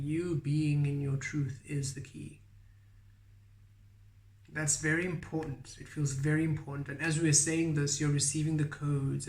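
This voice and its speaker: A man giving a spiritual tarot reading, speaking softly and repeating affirmations in a roomy, echoey recording. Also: a little high, creaky. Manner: soft-spoken, repeats affirmations. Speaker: tarot reader. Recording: roomy echo.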